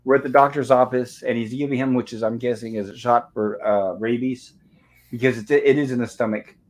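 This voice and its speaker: A man hosts a relaxed movie review livestream. He recaps the film scene by scene, reading the characters' lines aloud as he goes. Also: medium pitch, a little fast, poor audio. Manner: narrates scenes step by step, reading out dialogue.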